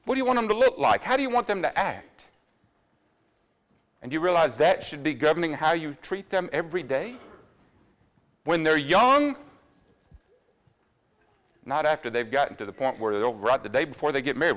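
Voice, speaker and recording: Man preaching in church, earnest, lots of questions, lively rise and fall, fairly high voice. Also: normal speed, long pauses. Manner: earnest, asks the congregation many questions; drops to quiet asides about running over time. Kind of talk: sermon.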